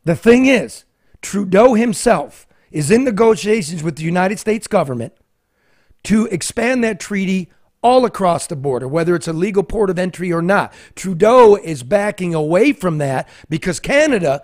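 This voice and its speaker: Male talk host, high voice, brash, sarcastic, theatrical. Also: animated, moderate pace. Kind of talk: opinionated talk show.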